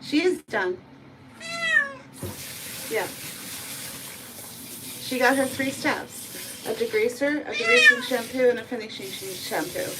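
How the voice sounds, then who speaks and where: During a livestream from a grooming salon, a woman cat groomer coos and hums to the cat as she works. Her fairly high voice is sing-song and slow, with long pauses, over loud background noise.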